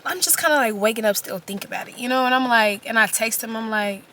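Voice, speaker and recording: A woman's voice: on the high side, quick pace, sharp tone. A young woman, chatting casually to camera as she retells a personal story with slang and quoted exchanges. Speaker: vlogger telling a storytime.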